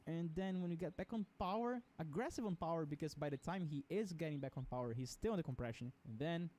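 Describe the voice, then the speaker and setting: A man coaching as he analyzes a racing lap, explaining it in an animated way and acting out the car's motion with little vocal sound effects. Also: mid-range voice. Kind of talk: instructional lap analysis commentary.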